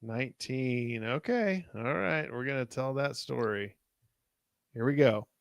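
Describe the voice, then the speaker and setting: A man co-hosting a live podcast, reading a gamebook aloud in a relaxed way and talking to the chat. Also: mid-range voice, unhurried, vocal fry, dry recording, clean studio sound. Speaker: podcast co-host. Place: live online show.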